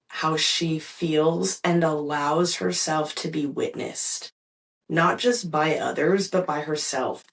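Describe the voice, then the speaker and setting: A young woman hosting her own podcast, telling a personal story in a candid, reflective way with soft laughs and fillers. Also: low-pitched, gravelly, distant mic, poor audio. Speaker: podcast host.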